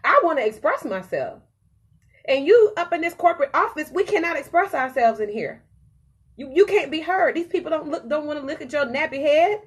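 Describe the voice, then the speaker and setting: A woman's voice: high voice, lively intonation, brisk, voice pushed up. A woman voicing her own heart, blunt and bossy. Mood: frustrated. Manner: blunt, scolding, swears casually. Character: her own heart, female, frank, pushy, fed up.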